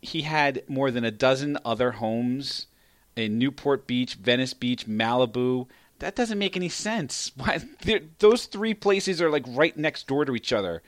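A man co-hosting a casual comedy podcast, playful and quick to laugh. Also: mid-range voice, lively intonation, no room sound. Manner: laughs often, playful, teasing. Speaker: podcast co-host. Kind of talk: casual banter.

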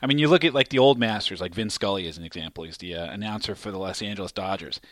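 Laughing podcast host, dry close mic. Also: male voice, fairly low pitch, rapid-fire, a bit bright, no room sound. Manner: laughs easily, loose and joking. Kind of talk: casual chat.

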